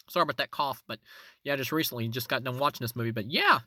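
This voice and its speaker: A man talking through a movie review on his own channel, casual and unscripted. His pitch swings widely and often jumps up high when he stresses a point. The tone is bright and the recording is close and dry. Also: fairly quick, no echo. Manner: animated, voice jumps up high for emphasis. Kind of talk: casual spoken film review.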